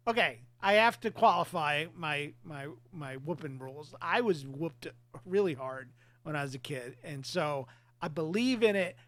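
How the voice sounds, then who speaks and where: A man's voice: a little high, a bit bright, no echo. A man in his forties, a podcast host, talking candidly about family in casual chat, laughing between thoughts.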